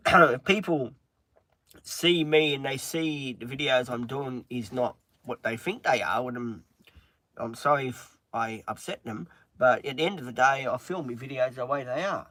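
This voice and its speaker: A man chatting on a livestream in a halting, earnest way, with many pauses and restarts, openly upset. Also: medium pitch, pushed and bright, dry recording. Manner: halting, frequent ums and restarts. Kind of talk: casual livestream chat.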